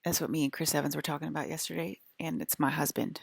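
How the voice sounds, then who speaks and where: A woman with a low, gravelly voice talks straight to her viewers in a loose, wandering way, stringing thoughts together with constant "like"s. The sound is dry and close, with no room around it. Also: flat delivery, fast, dry recording. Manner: rambling, full of "like" fillers. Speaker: vlogger. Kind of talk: casual monologue to viewers.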